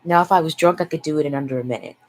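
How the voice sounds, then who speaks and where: A young woman with a low voice rambles through a casual vlog chat. She talks frankly, swears freely and lets out sighs between thoughts. A faint hiss sits under the recording. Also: racing, a little mellow, poor audio. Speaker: vlogger. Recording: faint background noise.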